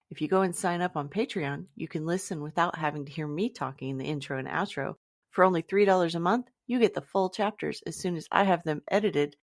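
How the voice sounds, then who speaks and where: A woman hosting a podcast, reacting warmly to a story and then reading the show's outro and support plugs. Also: lowish voice. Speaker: podcast host. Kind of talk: casual chat and show outro.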